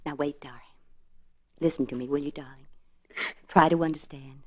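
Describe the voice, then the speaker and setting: An actress playing a tender, anxious young mother in a 1950s radio drama, soothing her child and dropping to soft whispers. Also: low-pitched, fairly even intonation, moderate pace.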